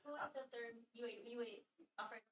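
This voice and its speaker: Woman chatting at home, quick short replies, higher voice, dry sound. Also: fairly bright tone, no room sound. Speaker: host's wife. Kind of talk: casual chat.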